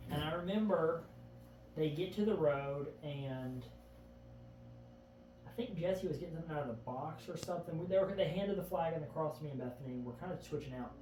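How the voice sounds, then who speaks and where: Another relaxed podcast conversation features a male guest whose voice sits on the high side, a bit mellow, and moves fairly quickly. Often beginning with "I remember," he sincerely walks through events in rich detail. It was captured in an echoey room at a distance from the mic, with a faint background hum.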